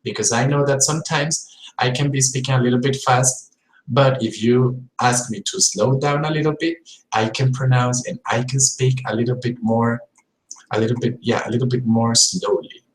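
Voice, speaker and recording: A man's voice: mid-range voice, fairly even intonation, normal speed. A male English teacher gives a live-streamed pronunciation lesson. He repeats sounds and words to demonstrate them and keeps checking in with his viewers. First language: Spanish. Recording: roomy echoey room.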